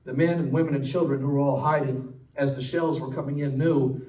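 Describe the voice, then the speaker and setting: Dramatic preacher in an echoey church. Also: male voice, fairly even intonation, brisk, far from the mic, dull audio, a little hiss or hum. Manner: dramatic, swinging from loud, high and emphatic to low and hushed. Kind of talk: sermon storytelling. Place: church sanctuary.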